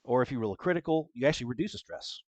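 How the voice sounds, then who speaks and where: A man's voice: medium pitch, expressive, racing, darkish tone, no echo. A man working as game master, explaining rules with frequent fillers in casual chat on a call. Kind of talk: running a tabletop game online.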